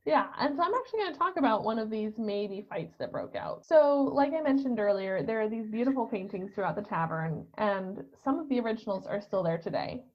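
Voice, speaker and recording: A woman's voice: medium pitch, lively intonation, brisk, few pauses. A woman co-hosting a podcast, telling a story in a casual, wry, joking way. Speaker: podcast co-host. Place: bathroom. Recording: dull lo-fi bathroom recording.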